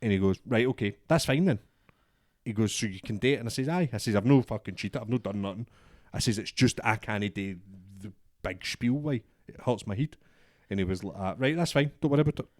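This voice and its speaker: Scottish guy, low-ish voice, sweary storyteller doing all the voices, dry sound. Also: a little fast, no room sound. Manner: swears a lot, acts out both sides of a story. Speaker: podcast co-host. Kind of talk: casual storytelling chat.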